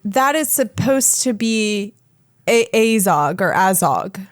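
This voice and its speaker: A woman's voice: mid-range voice, lively intonation, takes it slowly, no echo, clean studio sound. A woman co-hosting a casual podcast chat, laughing and rambling as she keeps breaking off her own sentences. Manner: laughing, rambling, self-interrupting. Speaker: podcast co-host.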